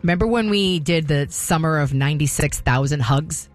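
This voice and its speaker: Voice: medium pitch, normal speed, soft background music. A radio co-host in casual chat, bringing up old shared memories and reading out old posts. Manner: reminiscing, reads out old posts.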